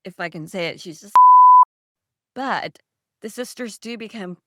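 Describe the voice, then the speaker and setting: A woman's voice: medium pitch, measured pace, a bit bright, dry recording, studio quality. A woman author in a casual interview, telling stories in a rambling way and laughing often. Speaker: author guest.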